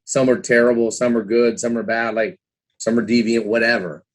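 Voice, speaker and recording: A man's voice: medium pitch, steady tone, normal speed. Chatty man around fifty telling stories. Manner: chatty, many "you know"s, acts out his own past thoughts. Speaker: guest, former trader and author. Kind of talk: casual interview storytelling.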